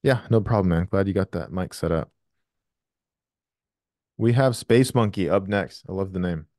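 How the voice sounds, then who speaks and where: A man's voice: low-pitched, moderate pace, darkish tone, no room sound, studio quality. A man hosting a live trading question session over a video call, blunt and profane with emphatic explanations. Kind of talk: live Q&A coaching.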